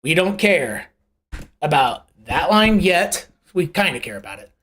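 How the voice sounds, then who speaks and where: Animated, chatty live-show chart analyst. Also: medium pitch, unhurried. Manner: conversational and rambling, with self-corrections; uses homely analogies and rhetorical questions. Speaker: host of a live crypto price analysis show. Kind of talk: casual live chart commentary.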